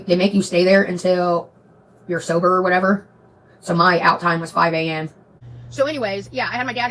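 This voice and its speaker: A woman telling a story to her stream viewers in a profane, animated way. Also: on the low side, poor audio. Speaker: livestream host.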